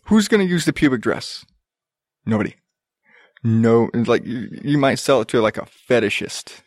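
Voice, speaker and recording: A man's voice: mid-range voice, expressive, moderate pace, dry recording. Profane ranting man, dry close sound. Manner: profane, exasperated, sarcastic. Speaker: podcast host. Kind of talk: ranting casual commentary.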